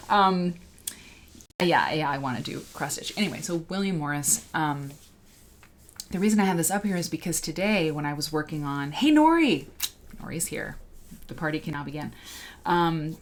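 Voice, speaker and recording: A woman with a deep, low voice hosts a relaxed livestream. She rambles and cuts herself off mid-thought, stopping to greet viewers by name. A faint noise sits under her voice. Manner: rambling, chatty, self-interrupting. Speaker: livestream host. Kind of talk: casual livestream chat.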